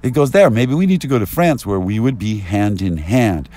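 A man rambling through an agitated street monologue, at times rising to yelling, recorded outdoors on a binaural mic. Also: fairly low pitch, lively intonation, moderate pace. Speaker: vlogger.

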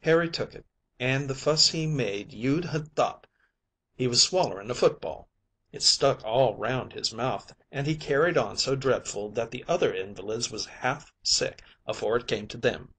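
A man's voice: mid-range voice, normal speed, a bit bright, breathy edge. A man narrating a short story audiobook in a colloquial, yarn-spinning manner. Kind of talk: scripted narration.

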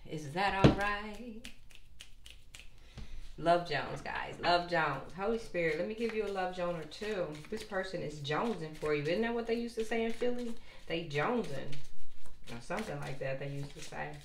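A woman's voice: fairly low pitch, animated, normal speed. An older woman doing a casual tarot reading for viewers, playful and chatty, slipping into sung asides. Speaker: tarot reader. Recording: echoey room with faint noise.

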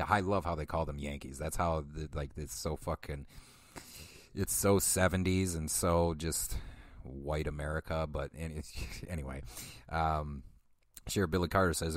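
A low-voiced man rambles through a casual podcast film review. He sounds dry and close to the microphone, and he peppers his talk with swearing, self-mockery and little chuckles. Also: animated, normal speed, a bit bright, no room sound. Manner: self-deprecating, profane, chuckling asides. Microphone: studio microphone.

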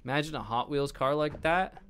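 A young man hosting a let's play, commenting in an excitable, jokey way with sudden yelps and shouts. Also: a little high, a little fast, a little hiss or hum. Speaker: gaming video host.

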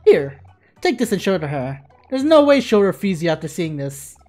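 A woman voicing a sly, knowing dealer with a low, dry, conspiratorial way of talking. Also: very animated, normal speed, a little mellow, soft background music.

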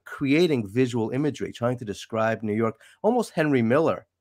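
A man appearing as a guest analyst in a casual chat, speaking emphatically and with lively stress. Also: mid-range voice, brisk, dry recording, clean studio sound.

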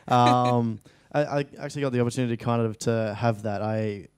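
This late-teens Australian actor, a guest in a casual studio interview, has a smooth mid-range voice with a steady tone and a brisk pace. He rambles, restarts frequently, and uses lots of fillers, and the recording has no room sound.

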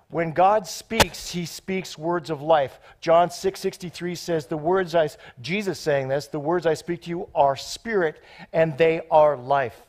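Male preacher, sermon, excitable, off-the-cuff, jokes with the congregation, voice a touch higher than most men. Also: unhurried. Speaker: guest preacher.

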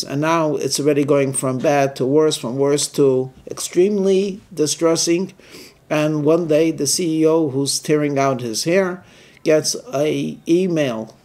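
A man, a rabbi, telling a story as a weekly sermon and briefly voicing the people in it. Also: fairly high pitch. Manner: animated storyteller who voices the people in his stories.

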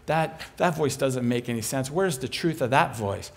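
A man preaching a sermon as an animated, humorous storyteller. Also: medium pitch, moderate pace, creaky.

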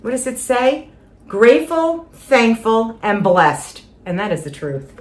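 An older woman vlogging at home walks through her shopping haul, gushing, repeating herself, and giving little laughs. Her voice is slightly high and very animated, her pace unhurried, with a bit of background noise.

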